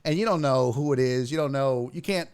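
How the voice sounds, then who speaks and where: A man's voice: medium pitch, a little fast, smooth. A man hosting a sports talk show, telling stories in casual chat, acting out quotes and swearing freely. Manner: animated storyteller, acts out quotes, swears freely. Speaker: show host.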